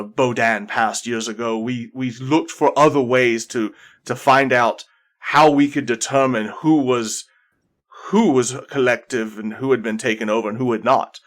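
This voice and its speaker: A man voicing a halting, weary male leader. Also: mid-range voice, a bit bright, lightly acted. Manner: halting, hesitant storytelling with restarts. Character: weary older male leader recounting past exile. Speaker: character voiced by the game master. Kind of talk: improvised tabletop role-play.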